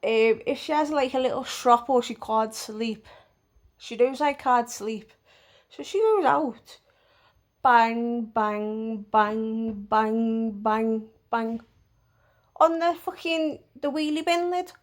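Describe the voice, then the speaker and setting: A woman's voice: sits high, measured pace. A woman telling a storytime vlog bluntly, with plenty of swearing. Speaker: vlogger.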